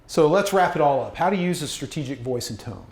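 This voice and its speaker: A man's voice: on the high side, animated, brisk, crowd noise. A man leading a workshop on writing, chatty and self-deprecating, often restarting his sentences. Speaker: university communications workshop presenter. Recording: echoey room.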